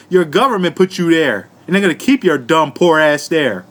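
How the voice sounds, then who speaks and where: A man's voice: on the high side, animated, normal speed, hardly any pauses. A man giving a comedic commentary rant to his viewers, profane and mocking, laughing often and talking down to them. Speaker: vlogger.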